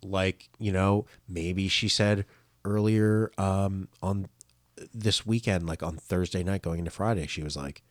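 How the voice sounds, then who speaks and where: A man's voice: deep voice, unhurried, no echo. A young adult man co-hosting a casual film podcast, telling stories and acting out movie quotes. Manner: animated storyteller, acts out quotes loudly. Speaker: podcast co-host.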